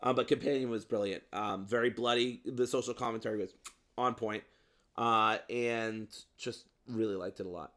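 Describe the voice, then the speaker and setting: A man with a lowish voice chats casually about the horror films he watched. He rambles, fills gaps with ums and throws in playful swearing. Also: steady tone, normal speed, fairly bright tone. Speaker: podcast co-host. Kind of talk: casual movie review chat.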